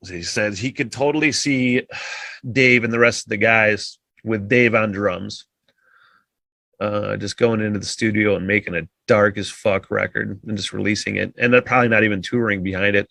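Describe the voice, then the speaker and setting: A man's voice: lowish voice, steady tone, moderate pace, gravelly, pushed and bright, dry recording. Sighing, swearing man on a podcast. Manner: rambling, heavy swearing, frequent sighs. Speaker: podcast host. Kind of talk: casual solo podcast monologue.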